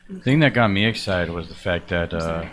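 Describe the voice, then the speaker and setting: A man's voice: sits low, expressive, a little fast. A man hosting a live call-in stream, chatting casually, rambling and repeating himself often. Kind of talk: casual chat.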